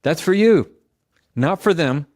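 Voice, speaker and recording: A man's voice: fairly high pitch, expressive, unhurried, a little mellow, no echo, studio quality. A man giving a motivational advice talk, speaking directly and coaching the listener, often repeating example phrases aloud.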